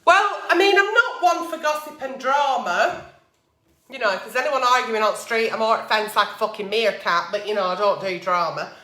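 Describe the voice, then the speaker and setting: A woman's voice: on the high side, normal speed, bright, forceful tone, reverberant. A woman vlogger answering advice letters at her table, blunt and heavily profane, ranting in a fired-up way. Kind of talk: casual advice rant. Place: at a table at home. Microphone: camera mic.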